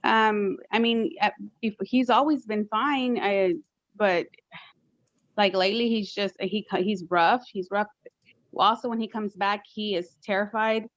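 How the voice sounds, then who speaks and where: A woman testifying as a mother in a courtroom, halting and full of fillers. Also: medium pitch, steady tone, dry recording, lo-fi sound. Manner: hesitant, many fillers. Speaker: witness, respondent mother.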